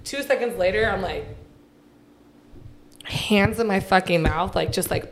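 A woman's voice: mid-range voice, unhurried, gravelly, slight background noise. A woman from California, casually telling a raunchy story with lots of swearing and laughter. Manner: loose storytelling, heavy swearing, laughs often. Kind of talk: casual chat.

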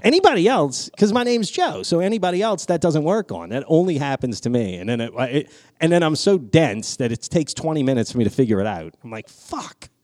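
A man telling a story on a podcast, animated and swearing a lot, his voice jumping high when he gets excited. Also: brisk, dry recording, studio quality. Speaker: podcast co-host. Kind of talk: casual chat, storytelling.

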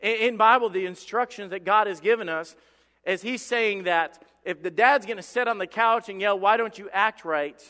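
A man's voice: high-pitched, moderate pace, sharp tone. A man preaching a sermon as pastor, passionate and emphatic, often repeating words as he builds. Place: church sanctuary. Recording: long church reverb.

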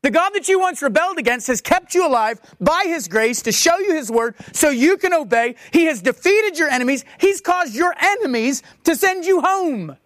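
A woman preaching a sermon in a conversational, animated way, with quick asides and playful acted-out quotes. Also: high voice, no room sound, clean studio sound.

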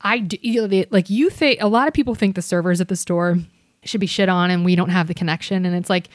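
A woman telling bartending stories as a guest in a casual podcast chat, animated, with quick asides. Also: lowish voice, no room sound, clean studio sound. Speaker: podcast guest, bartender and comedy club server.

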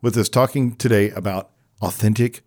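A man's voice: on the low side, steady tone, moderate pace, darkish tone. Laid-back man co-hosting a podcast. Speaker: podcast co-host. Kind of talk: casual chat.

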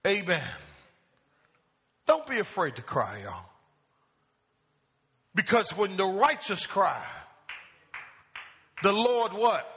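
High-voiced preacher man in an echoing hall. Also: very animated, takes it slowly, pauses often, pushed and bright. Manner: asks the congregation questions and calls for answers. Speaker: pastor. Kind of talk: call-and-response sermon. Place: church sanctuary.

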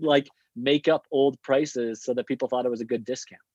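A man's voice: medium pitch, fairly even intonation, darkish tone, slightly rough, dry recording. Young male guest, storytelling with fillers, dry dull lo-fi audio. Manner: quick, chatty, lots of fillers. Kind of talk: casual storytelling. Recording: dull lo-fi sound.

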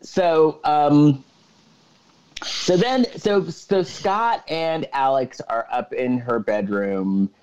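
A man's voice: fairly high pitch, very slow, darkish tone, clear, resonant tone. A man co-hosting a podcast on a video call, chatting casually and retelling movie scenes. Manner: retells scenes with quoted lines. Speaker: podcast co-host. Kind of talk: casual movie recap chat. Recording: dull lo-fi sound.

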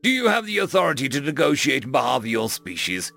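A man playing a gruff, hot-tempered middle-aged human leader who barks commands. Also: medium pitch, wildly swooping pitch, fast, bright, forceful tone, soft background music, exaggerated voice. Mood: stern. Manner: barking, commanding.

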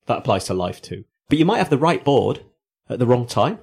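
A man's voice: medium pitch, very animated, fairly quick, creaky, a little mellow, husky. A man co-hosting a surf podcast, speaking in an earnest, encouraging way. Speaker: podcast co-host. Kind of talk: casual chat.

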